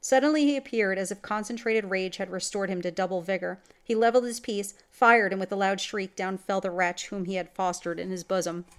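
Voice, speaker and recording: A woman's voice: mid-range voice, fairly even intonation, brisk, hardly any pauses, clear, resonant tone. A woman reading a classic gothic horror story aloud in scripted narration, with dramatic delivery. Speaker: story reader.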